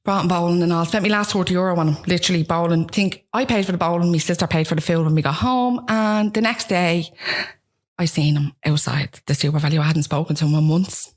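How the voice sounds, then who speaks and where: A woman's voice: lowish voice, fast talker. A young woman with a Dublin accent, speaking frankly as an interview guest about family, in a chatty conversational way. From Ballymun, Dublin, Ireland. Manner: frank, with frequent "like" and restarts. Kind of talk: candid conversational storytelling.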